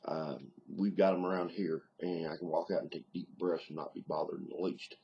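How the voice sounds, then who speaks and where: A man's voice: sits low, steady tone, brisk, breathy edge, lo-fi sound. A middle-aged man with a Southern US accent, rambling in a casual video diary with lots of ums. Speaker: video diarist. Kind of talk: casual vlog monologue.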